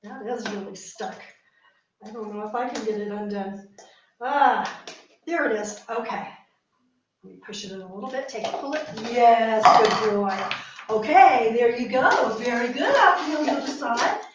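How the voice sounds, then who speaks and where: Woman dog handler, slightly high voice, coaxing commands and praise mixed with explanation; recorded from a distance. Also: normal speed, dull audio. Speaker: search and rescue dog handler. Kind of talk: training demonstration with running explanation. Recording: very echoey room, mic at a distance, faint noise.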